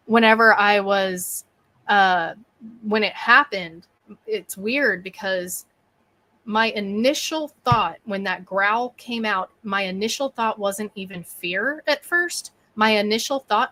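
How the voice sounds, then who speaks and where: A woman's voice: medium pitch, slow pace. Woman telling a vivid story. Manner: animated, acts out her own thoughts and quotes. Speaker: bigfoot researcher and podcast guest. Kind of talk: storytelling in a podcast interview.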